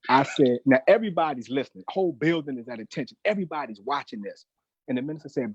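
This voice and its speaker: Husky middle-aged man telling his testimony. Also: mid-range voice, quick pace, no echo, highs cut off. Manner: emphatic, preacher-like, addresses host as brother. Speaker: guest, newspaper manager. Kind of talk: personal testimony storytelling.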